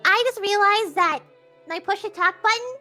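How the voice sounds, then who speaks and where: A woman's voice: very high-pitched, normal speed, bright, forceful tone, soft background music. A woman hosting a game stream, chatting casually, giggling often and explaining the story to her co-hosts. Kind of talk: casual chat.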